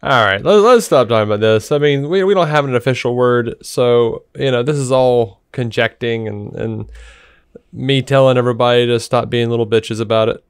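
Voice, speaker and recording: A man's voice: mid-range voice, normal speed, clear, resonant tone, no room sound, clean studio sound. A man co-hosting a podcast, chatting casually, blunt and sarcastic, often laughing. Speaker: podcast co-host. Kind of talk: casual chat.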